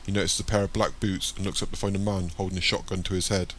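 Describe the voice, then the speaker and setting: A man narrating an audiobook in a plain, steady reading voice. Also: sits low, fast talker, a little hiss or hum.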